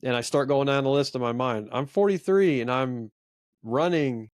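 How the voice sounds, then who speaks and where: A man's voice: medium pitch, normal speed, darkish tone, dry recording, studio quality. A man in his forties co-hosting a faith podcast, telling a personal story in a rambling, earnest, self-reflective way. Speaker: podcast co-host. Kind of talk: casual storytelling chat.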